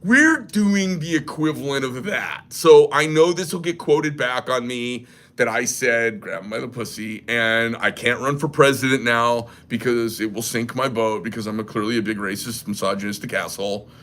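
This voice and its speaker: A man's voice: medium pitch, moderate pace, hardly any pauses, a bit bright. A man who makes knives hosting a casual livestream, rambling and joking crudely. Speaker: knife maker and shop host.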